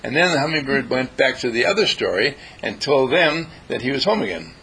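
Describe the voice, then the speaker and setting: A man's voice: medium pitch, lively intonation, a little fast, pushed and bright, husky, low-quality recording. A man telling a story to an audience, emphatic and repetitive, speaking straight to his listeners. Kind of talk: storytelling talk.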